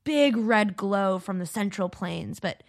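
A sad old man Einstein, sunk in self-pity, as a woman puts him on. He talks in a gloomy, mournful drone about his past. The voice sits in a steady middle range. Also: medium pitch, takes it slowly, creaky. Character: old depressed male violinist Einstein, self-pitying.

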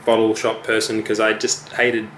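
A young man, a musician, answers interview questions in a relaxed, halting way, full of ums and restarts. His voice sits fairly low. The recording is roomy and echoey, with a faint hum of background ambience. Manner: hesitant, many fillers and restarts. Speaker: musician guest. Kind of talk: casual interview chat.

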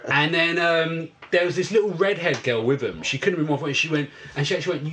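A man's voice: fairly high pitch, fast, few pauses. A man, telling a story in a casual podcast chat and swearing a lot. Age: 50s. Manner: swearing, animated anecdote telling.

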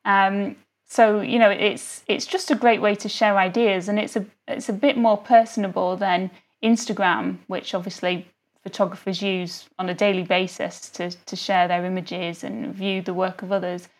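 A woman's voice: mid-range voice, fairly even intonation, moderate pace. A woman photographer, a guest on a podcast, chatting casually and filling her speech with "you know". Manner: friendly, lots of "you know" fillers. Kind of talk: casual interview conversation.

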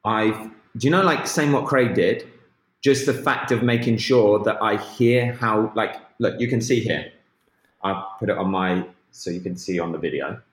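A man's voice: lowish voice, normal speed, reverberant, rough recording. A man from the UK, chatting casually and explaining things at length. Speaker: co-host. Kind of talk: casual chat.

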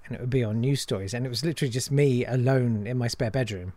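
A man's voice: mid-range voice, fast, mellow, no room sound. A man, a comedian and impressionist, chatting casually and self-deprecatingly in an interview.

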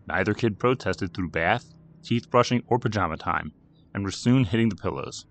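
A man narrating a scripted horror story with a dramatic, expressive reading. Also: fairly low pitch, moderate pace, vocal fry.

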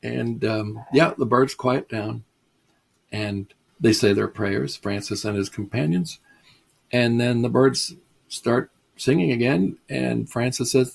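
A man's voice: on the low side, measured pace, gravelly. A man giving a storytelling lecture, chatty and digressive, chuckling at his own stories. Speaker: lecturer on mysticism.

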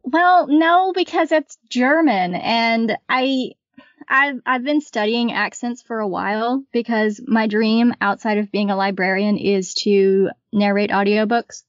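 Bright-voiced woman chatting as podcast guest. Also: a little high, no echo. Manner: lively, quick to laugh, acts out quotes. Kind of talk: casual chat. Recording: dull lo-fi dry recording.

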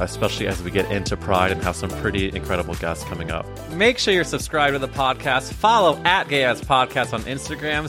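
A man hosting a podcast in a playful, gushing, flirty manner. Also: fairly low pitch. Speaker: podcast host. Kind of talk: casual podcast chat.

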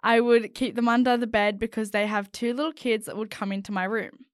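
A woman's voice: on the high side, fairly even intonation, brisk, no room sound. Woman, twenties, podcast co-host, giggly storytelling, dry close sound. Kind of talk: casual chat, reading listener stories aloud.

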